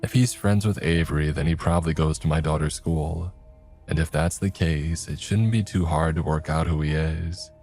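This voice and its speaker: Low voiced guy reading a creepy first person story, calm and measured. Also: faint music behind. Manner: measured storytelling, voicing all characters. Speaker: horror story narrator. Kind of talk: scripted first-person horror narration.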